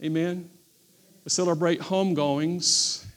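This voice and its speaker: High-pitched guy pastor preaching in church, keeps repeating lines and gets the crowd to answer back. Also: steady tone, takes it slowly. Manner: emphatic repetition with call-and-response to the congregation. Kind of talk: sermon. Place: church service.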